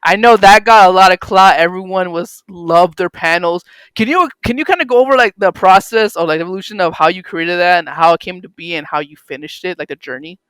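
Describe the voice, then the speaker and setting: A young male podcast host with a high, smooth voice rambles through encouraging questions, thick with fillers. He is recorded close and dry, with no room sound. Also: brisk, hardly any pauses, a bit bright, no echo, low-quality recording. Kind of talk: casual chat.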